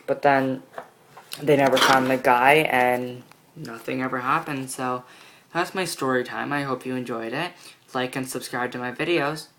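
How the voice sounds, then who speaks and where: A man's voice: medium pitch, steady tone, moderate pace, a bit bright, rough recording. A teenage boy telling a personal story in a casual vlog, rambling with many fillers. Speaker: vlogger.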